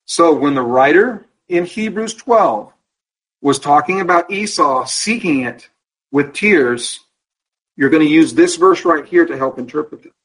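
A man teaching a Bible study class in a conversational way. He often asks the class questions, checks in with "okay?", and slows down to stress key words. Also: a little high, a bit bright, slightly rough, rough recording.

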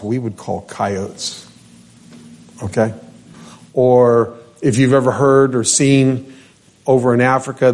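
Slow, unhurried male pastor. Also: mid-range voice, darkish tone. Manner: unhurried, addresses listeners by name, asks questions of the room. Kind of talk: conversational Bible teaching. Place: church.

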